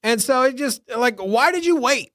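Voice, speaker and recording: A man's voice: very high voice, animated, moderate pace, a bit bright, no echo. A man hosting a casual podcast from a studio, rambling and repeating words as he gets worked up. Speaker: podcast host.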